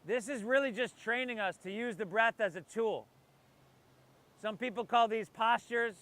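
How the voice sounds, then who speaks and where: Man, yoga instructor, high bright voice, jokey and loose between breath cues, class by the ocean. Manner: playful, joking asides between breath cues. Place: outdoors by the ocean.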